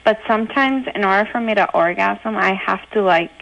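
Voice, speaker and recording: A woman's voice: medium pitch, moderate pace, gravelly, a bit bright. A woman calling in to a radio advice show, speaking hesitantly with lots of fillers. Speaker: caller. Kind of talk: phone call to radio show. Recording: muffled phone line.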